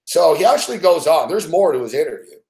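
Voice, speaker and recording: A man's voice: on the high side, sing-song, quick pace, a little mellow, echoey room. A man hosting a sports betting show, ranting about football with sarcastic, profane remarks and frequent laughs.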